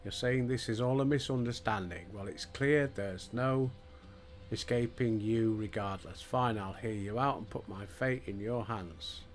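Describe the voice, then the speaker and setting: A man's voice: lowish voice, a little slow, faint music behind, close to an everyday voice. Older Yorkshire man reading a frightened fugitive. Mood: fearful, pleading. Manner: reading game dialogue aloud in his own voice. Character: frightened male ex-convict on the run, pleading.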